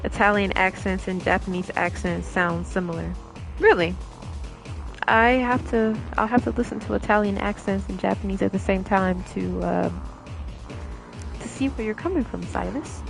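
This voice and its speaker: A woman's voice: mid-range voice, steady tone, normal speed, vocal fry, faint music behind. A young woman streamer chatting casually with her viewers, laughing often and rambling with many fillers. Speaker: gaming streamer.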